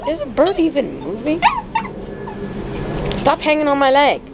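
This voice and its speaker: A woman's voice: sits high, sing-song, a little slow. Teasing woman filming her dog. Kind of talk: casual home video. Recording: dull noisy home video.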